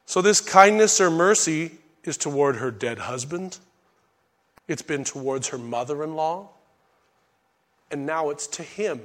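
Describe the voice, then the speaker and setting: A middle-aged man preaching a conversational Bible sermon, with folksy asides and sudden loud bursts when he acts out lines. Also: fairly high pitch, expressive, a little slow, pauses often. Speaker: pastor teaching a Bible study.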